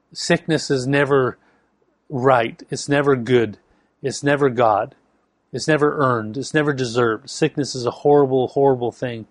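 A man's voice: mid-range voice, no echo. A man preaching a sermon, telling a story with emphatic delivery. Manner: storytelling with acted quotes, emphatic.

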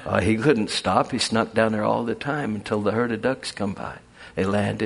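A man preaching a folksy, animated sermon full of storytelling and chuckles. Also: fairly low pitch, normal speed, gravelly.

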